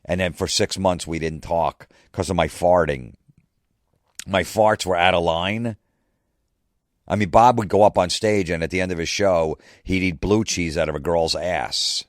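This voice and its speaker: A comedian and podcast host telling a rambling comic story in a casual, profane way. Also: male voice, low voice, steady tone, measured pace, dry recording, clean studio sound.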